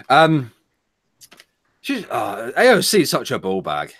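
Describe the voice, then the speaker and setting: Man, chat show host, casual, very lively intonation, joking, stammering. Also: medium pitch, a little slow, no room sound. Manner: joking, laughs often, stammers into restarts. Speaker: host of an online talk show.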